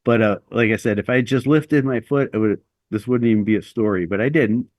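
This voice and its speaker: A man's voice: on the low side, a little fast, darkish tone, dry recording. A middle-aged man telling a long personal story as an interview guest, rambling and self-deprecating with lots of fillers.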